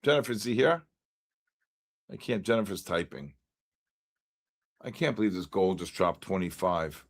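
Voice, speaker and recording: A man's voice: sits low, animated, moderate pace. A man hosting a live trading stream, calling out viewer names one by one like an auctioneer. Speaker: livestream host.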